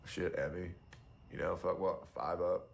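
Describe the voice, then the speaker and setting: A man's voice: low voice, fairly even intonation, unhurried, gravelly. A young adult man streamer giving casual, blunt and profane commentary.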